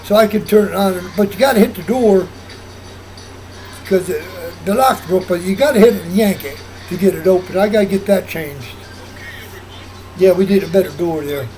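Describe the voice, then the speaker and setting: A man's voice: high-pitched, normal speed, darkish tone, faint music behind, rough recording. A man vlogging in a rambling casual monologue, often repeating himself and restarting sentences.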